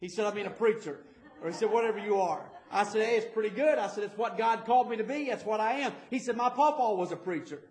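A man's voice: high voice, quick pace, a little mellow, echoey room. A man preaching a fervent sermon as pastor, stumbling over repeated words as he builds his points. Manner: stammering repetitions, fervent preaching.

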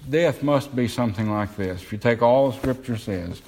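A man's voice: medium pitch, normal speed, a little mellow. A man preaching a sermon, earnest and emphatic, lifting his voice when quoting Scripture. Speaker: pastor.

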